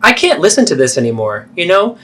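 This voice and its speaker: A man's voice: high-pitched, sing-song, fast talker, fairly bright tone. A man voicing a defensive, self-pitying middle-aged mother who deflects and guilt-trips in a therapeutic role-play.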